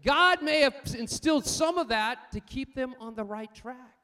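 An older man preaching a sermon, swinging between loud emphatic points and quiet personal stories, calling out for amens. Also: very high-pitched, expressive, normal speed, clear, resonant tone. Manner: asks the congregation for amens. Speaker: pastor.

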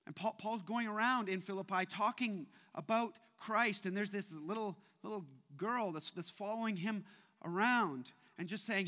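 A man preaching a sermon as pastor, talking in an animated way and often repeating his words as he goes. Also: high voice, normal speed.

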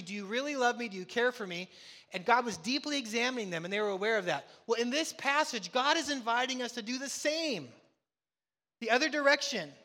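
Man, pastor, emphatic sermon, high voice, bright tone, long hall echo. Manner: emphatic preaching with rhetorical questions and quoted voice of God.

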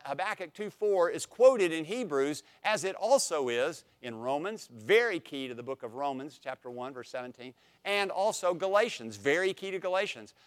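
A young man teaching a Bible class, emphatic and repeating phrases for stress, with light jokes to his students. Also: fairly high pitch. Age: young adult.

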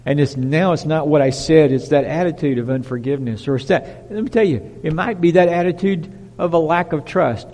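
A man preaching a sermon, emphatic, dropping to a hush and rising to loud declarations. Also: fairly high pitch, fairly quick, few pauses, in a large hall. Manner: emphatic, swinging from hushed to loud.

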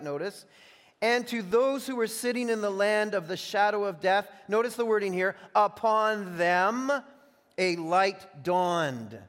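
A man's voice: high voice, fairly bright tone. A man preaching a sermon as a pastor, emphatic, stretching out key phrases and often doubling words as he restarts. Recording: long reverb of a large hall.

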